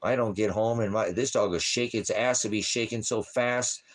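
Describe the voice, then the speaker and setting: His voice is on the low side, with fairly even intonation and a moderate pace. This small-ministry preacher talks in a rambling, off-the-cuff livestream manner, meandering and jokey, and chats with his dog between points.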